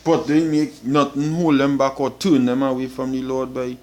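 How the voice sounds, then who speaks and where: A man's voice: medium pitch, flat delivery, normal speed, a little mellow. A man with a Trinidadian accent preaching an informal sermon, emphatic and blunt, tagging his lines with "boy" and swearing for emphasis.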